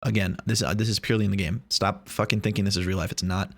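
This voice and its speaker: A man's voice: low voice, flat delivery, fast, fairly bright tone. A man vlogging in a casual, rambling way, joking and swearing as he talks to the camera. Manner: rambling, joking, profane, many restarts.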